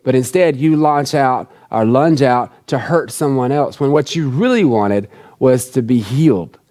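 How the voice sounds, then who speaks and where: Earnest, mellow-voiced male pastor. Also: mid-range voice, unhurried. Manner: earnest, conversational, repeats key phrases. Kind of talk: sermon.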